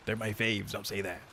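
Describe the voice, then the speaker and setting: Male streamer, low voice, crude joking banter, stammering restarts, faint rain behind. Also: gravelly, sharp tone, slight background noise. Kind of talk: casual stream chat.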